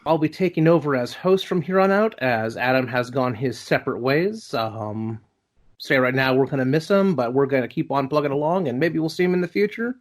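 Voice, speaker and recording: A young man hosts a podcast in a loose, chatty way, joking with his co-hosts and stopping to correct himself. His voice sits at a middle pitch for a man. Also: lively intonation, fairly quick. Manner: chatty, self-correcting, jokey. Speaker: podcast host. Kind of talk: casual chat.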